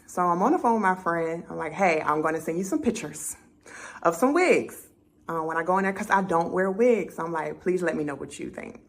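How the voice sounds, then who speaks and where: A young woman vlogging casually, telling a story and acting out her own conversations in an animated way. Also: on the low side, a little fast, hardly any pauses.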